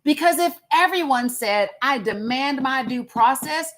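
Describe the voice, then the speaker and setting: A woman's voice: sits high, animated, unhurried, fairly bright tone. A woman hosting a casual livestream, talking emphatically and repeating words for effect. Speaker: livestream host. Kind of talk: casual live commentary.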